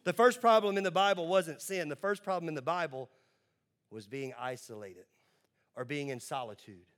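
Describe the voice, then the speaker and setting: A man preaching a sermon as pastor to a congregation in a church. He talks emphatically, moving between quick asides and slow, drawn-out words. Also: a little high, fairly bright tone.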